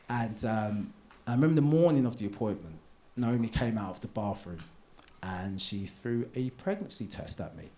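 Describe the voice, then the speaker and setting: A British man in his thirties doing live stand-up, chatty and confessional, building up to loud punchlines. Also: on the low side, fairly quick, slight background noise. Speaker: stand-up comedian. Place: theatre stage.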